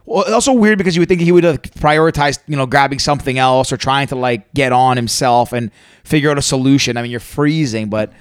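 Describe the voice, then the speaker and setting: A man's voice: mid-range voice, quick pace, clear, resonant tone, no room sound, studio quality. A man co-hosting a casual podcast chat, thinking aloud and interrupting himself.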